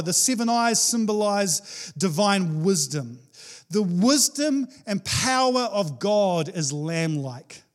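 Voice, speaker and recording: A man preaching a sermon, reading scripture and explaining it in a casual, animated way with playful asides. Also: sits high. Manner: animated, playful, acts out quoted voices with laughs.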